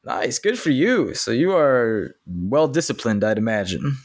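Man host, lively reactive interviewer. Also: mid-range voice, no echo, clean studio sound. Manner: laughs often, quick reactive comments. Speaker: podcast host. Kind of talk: casual interview chat.

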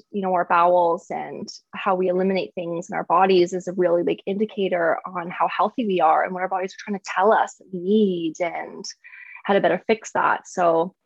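A woman's voice: lowish voice, no room sound. A woman talking candidly in casual chat, laughing often and full of "like". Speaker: guest. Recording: slightly dull, dry sound.

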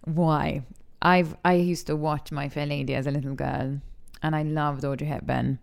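A young adult actress from Malta, speaking openly and with feeling in an interview, laughing easily. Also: female voice, low voice, flat delivery, normal speed, gravelly, smooth. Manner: candid and emotional, laughs easily. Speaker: actress and TV talent show judge. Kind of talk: frank interview conversation.

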